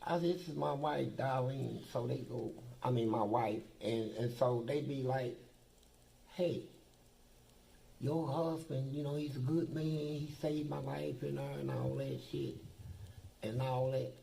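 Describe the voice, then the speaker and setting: A man's voice: medium pitch, fairly even intonation, a little slow, gravelly, mellow, slight background noise, rough recording. An older man, a former prisoner, telling blunt, profane stories in a documentary interview. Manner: blunt, profane, boastful storytelling.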